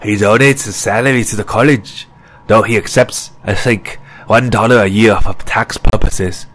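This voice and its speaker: A man's voice: lowish voice, fairly even intonation, moderate pace, fairly bright tone, slight background noise, lightly acted. A man doing a fussy gossipy French professor. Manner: confiding, precise and slightly sarcastic. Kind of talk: audiobook character reading.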